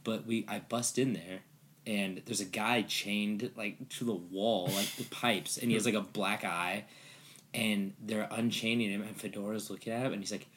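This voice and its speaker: Animated swearing man telling a story. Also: normal speed. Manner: animated, swearing, acts out quotes in high voices. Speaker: storyteller recounting an escape room. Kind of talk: casual chat.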